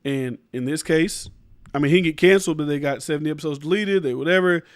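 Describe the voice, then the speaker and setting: On his own opinion show, a high-voiced man rants quickly and emphatically, rambling, swearing a lot, and restarting sentences midway. The sound is close and dry, with little room echo.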